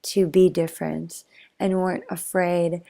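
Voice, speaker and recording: A young woman chats her way through a meandering bedtime story. Her voice sits low with a gravelly, fry-tinged edge, and she keeps it soft, sometimes slipping almost into a whisper. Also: little pitch movement, a little slow. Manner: rambling, chatty, drifts into tangents; soft, drops to near whisper at times. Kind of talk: casual bedtime story narration.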